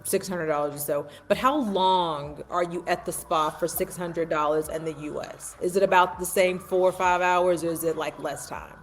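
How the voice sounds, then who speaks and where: A woman's voice: on the low side, fairly even intonation, normal speed, hardly any pauses. A woman interviewing guests, asking follow-up questions. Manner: inquisitive, brief acknowledgements.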